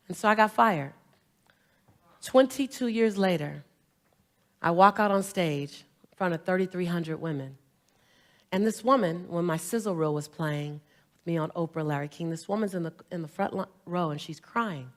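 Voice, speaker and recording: A woman's voice: fairly low pitch, normal speed. A middle-aged woman giving a motivational stage speech, telling stories with humor and drawing the crowd in with call-and-response prompts. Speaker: motivational speaker. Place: stage before a large audience.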